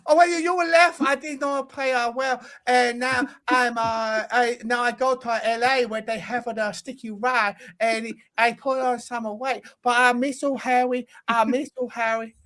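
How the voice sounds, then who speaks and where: A man's voice: extremely high pitch, fairly even intonation, a little slow, few pauses, full character voice. A man playing a homesick, chubby male star striker who speaks with a put-on Italian accent and begs to be reunited with his old partner. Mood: mournful. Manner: pleading, shouty and clingy. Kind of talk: comedy impression sketch.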